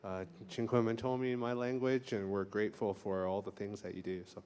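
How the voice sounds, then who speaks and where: A man giving heartfelt thanks at a public event, speaking softly and haltingly with restarts. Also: lowish voice, flat delivery, clean tone. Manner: soft-spoken, halting with restarts. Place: lecture hall. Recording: long hall reverb.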